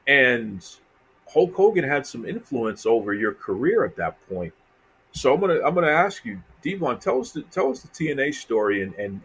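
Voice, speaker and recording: A man's voice: mid-range voice, slight background noise. A man hosting a podcast, recapping a career with enthusiasm and repeated phrases before handing a question to his guest. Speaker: podcast host. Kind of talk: casual interview.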